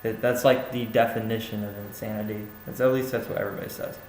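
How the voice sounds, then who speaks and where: Young guy giving a classmate paper feedback, lowish voice, lots of ums and likes, echoey room with a faint hum. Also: fairly even intonation, fast, a little mellow. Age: young adult. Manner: hesitant, many fillers and restarts. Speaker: student giving peer feedback. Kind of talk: casual spoken critique of a paper.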